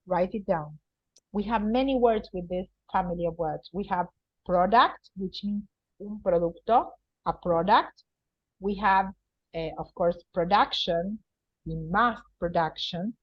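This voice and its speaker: A woman's voice: fairly low pitch, dry recording. A woman teaching an English vocabulary lesson, patiently explaining words and checking in with her students. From Argentina. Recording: dull, lo-fi and dry.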